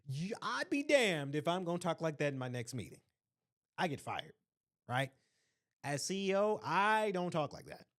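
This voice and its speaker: A man talks through his views on a casual solo podcast, in a voice pitched a bit higher than most men's. He is earnest and opinionated, repeating key phrases for emphasis. He keeps checking in with the listener by asking "right?". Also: sing-song, normal speed, a bit bright. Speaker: podcast host.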